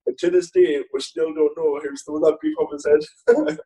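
Chatting casually in an interview, this male footballer recounts dressing-room tales with a dark, mellow tone, pitched slightly high at a normal pace. He wanders off topic, laughs often and starts sentences over. The mic is distant and the audio is low quality.

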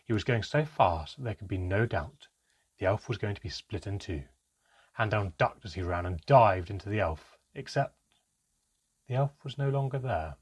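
Audiobook narrator: man, low-pitched, husky, steady and measured in his storytelling. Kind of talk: scripted narration.

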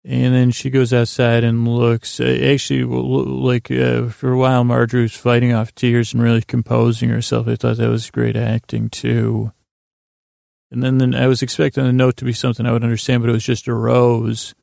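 A man's voice: monotone, normal speed, gravelly, darkish tone, no echo, clean studio sound. A man hosting a podcast, casually recapping a TV episode in a meandering, mumbling way with many fillers and restarts. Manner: mumbling, low-key delivery. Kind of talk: casual sleepy recap, paraphrasing scenes.

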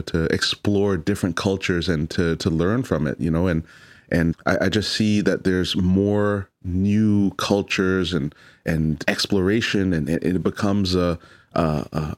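A man's voice: low voice, fairly even intonation, measured pace. A man, a chef, talking earnestly in an interview, often stumbling and repeating his words. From Toronto, Canada. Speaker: chef and restaurant owner. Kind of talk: conversational interview.

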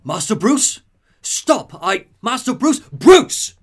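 A man voicing an elderly male butler who pleads urgently, his voice raised and pitched up. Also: sing-song, normal speed, slightly rough, heavily acted. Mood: pleading.

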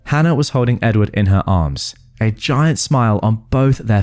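Animated man narrating a creepy story. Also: fairly low pitch, moderate pace, hardly any pauses. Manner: animated storytelling, wry asides. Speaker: podcast host and narrator. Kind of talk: reading reddit stories aloud.

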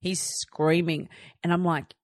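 A woman's voice: on the low side, level tone, slow, no echo, clean studio sound. An Australian woman in her thirties hosting a podcast, telling stories in a chatty way and acting out what she said. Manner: chatty storytelling, acting out her own lines. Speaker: podcast host. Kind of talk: casual chat.

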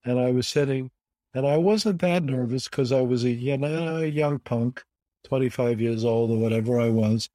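Interviewed as a guest, this older bridge player tells his stories with emphasis, doubling up words to stress them. His voice is mellow and medium in pitch, at normal speed, recorded without echo.

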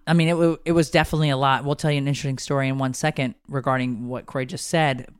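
Blunt, animated woman chatting. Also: rumbling low, fast talker, clean tone, no room sound. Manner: animated, blunt, swears freely. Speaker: podcast co-host. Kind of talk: casual chat.

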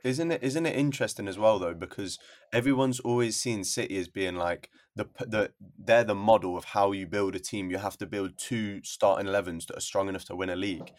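Low-pitched man explaining his point. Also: fairly quick. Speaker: podcast guest. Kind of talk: casual football chat.

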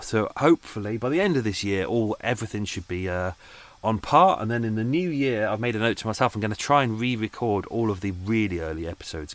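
A man's voice: on the low side, no room sound. A man hosting his podcast in a casual, rambling, self-deprecating chat with many restarts. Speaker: podcast host. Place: at home on a boat.

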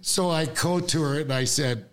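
Animated man telling a story. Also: on the high side, normal speed. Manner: acts out quoted voices, laughs often. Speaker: guest.

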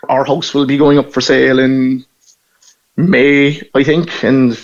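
A middle-aged man with a Cork Irish accent talks as a guest, chatty and quick to laugh while telling stories. His voice comes through a dull, lo-fi line at a middling pitch. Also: level tone. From Ireland. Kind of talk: casual phone interview.

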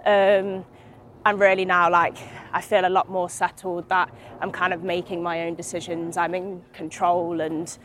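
A woman's voice: on the low side, little pitch movement, normal speed, a bit bright, slight background noise. A young woman from Britain, speaking candidly as an interview guest with many fillers and restarts, recorded outdoors in a park.

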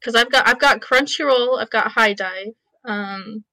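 A woman's voice: fairly high pitch, a little slow, sharp tone. A woman guest on a podcast, chatting casually in a playful, teasing way and laughing often. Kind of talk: casual chat.

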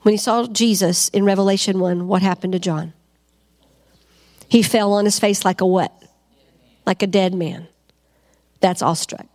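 A woman preaching a fervent sermon to a congregation, asking them questions and rising to loud cries. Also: mid-range voice, fairly even intonation, moderate pace, long pauses. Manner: asks the crowd questions.

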